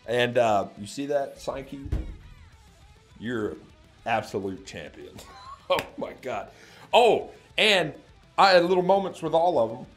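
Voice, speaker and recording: Excitable man telling a lively story. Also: mid-range voice, unhurried, pauses often, faint music behind. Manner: excitable, laughs often, lively bursts of shouting. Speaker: music reaction channel host. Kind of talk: excited casual storytelling to camera.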